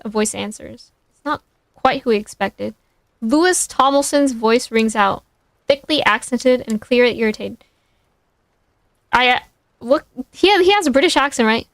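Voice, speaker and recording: A woman streamer reads fan fiction aloud and keeps stopping for amused, self-mocking remarks. Her voice is high and the sound is dry and close on a desk mic. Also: no room sound. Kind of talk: casual reading aloud with asides.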